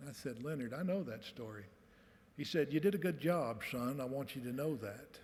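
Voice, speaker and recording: A man's voice: on the high side, a little fast. A man, giving a commencement speech in a folksy storytelling way and reading aloud at a podium microphone. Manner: folksy, animated storytelling with voiced quotes. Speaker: commencement speaker. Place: large hall, on stage. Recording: reverberant hall.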